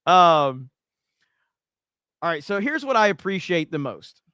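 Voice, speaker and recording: A man with a fairly high voice hosts a casual livestream from a home setup, reading viewer comments aloud. He swears freely and rants with mock outrage. The sound is close and dry, with almost no room echo. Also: bright, forceful tone, clear, resonant tone. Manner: profane, ranting and mock-outraged. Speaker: livestream host.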